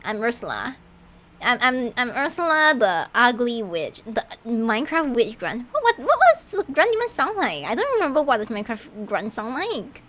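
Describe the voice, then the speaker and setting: A woman streamer chatting casually over her gameplay, giggly and animated, often tripping over her words and restarting. Her voice sits fairly high and swings widely in pitch. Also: moderate pace.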